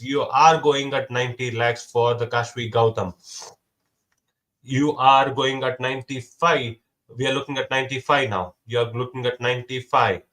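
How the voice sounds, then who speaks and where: A man's voice: medium pitch, fairly bright tone. A young man calling bids in a casual mock auction, repeating prices and counting down before each sale. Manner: repetitive calls and countdowns, brisk.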